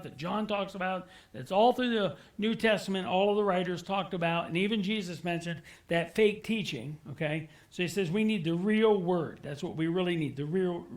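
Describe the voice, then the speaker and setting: A man delivers a sermon in a church with a fairly high voice. He is earnest and conversational, leaning on repetition to stress his points and slipping in casual asides and fillers as he talks to the congregation. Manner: earnest, repeats key words for emphasis. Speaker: pastor. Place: church sanctuary.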